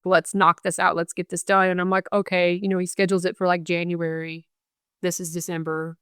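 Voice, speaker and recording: Young adult woman, podcast guest, low smooth voice, earnest storyteller who quotes others. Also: level tone, brisk, fairly bright tone, no room sound, clean studio sound. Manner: earnest, recounts events with quoted dialogue. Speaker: guest, bereaved mother.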